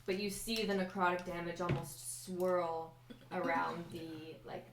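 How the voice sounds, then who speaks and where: A woman's voice: fairly low pitch, little pitch movement, a little slow. A woman running a tabletop game as dungeon master, narrating in an easygoing way and laughing often. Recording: echoey room with background noise.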